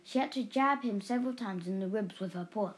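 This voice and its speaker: A woman's voice: mid-range voice, fairly quick, slight background noise, rough recording. Woman reading a children's story aloud. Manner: chatty asides to the listener.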